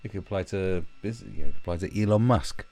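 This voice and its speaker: A man's voice: deep voice, quick pace, vocal fry, a little mellow. A man hosting a livestream, ranting bluntly and mockingly, with plenty of swearing. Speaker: livestream commentary host. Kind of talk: casual ranting commentary.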